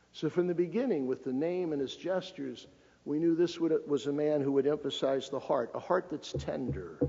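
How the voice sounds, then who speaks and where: A man's voice: on the high side, vocal fry, dark tone, breathy edge. A man giving a public lecture as a cardinal, folksy and emphatic, joking with the audience. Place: lecture hall. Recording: lo-fi recording with long hall reverb.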